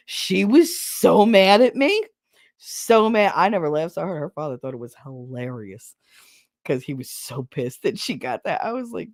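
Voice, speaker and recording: A woman's voice: deep voice, very animated, moderate pace, a little mellow, dry recording. A woman hosting a casual podcast, telling stories bluntly with plenty of swearing and frequent laughter. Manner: blunt, profane, laughs and snorts often. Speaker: podcast host. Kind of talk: casual storytelling chat.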